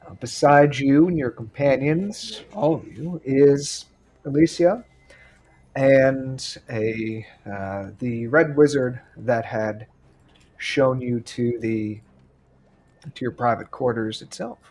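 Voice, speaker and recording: A man narrating a tabletop game as game master, slow and measured with pauses. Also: mid-range voice, a little mellow.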